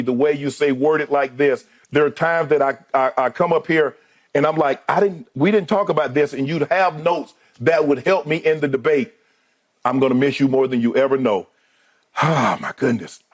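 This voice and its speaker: A man in his fifties, a sports debate co-host, giving a heartfelt, choked-up farewell speech with halting restarts in a TV studio. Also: medium pitch.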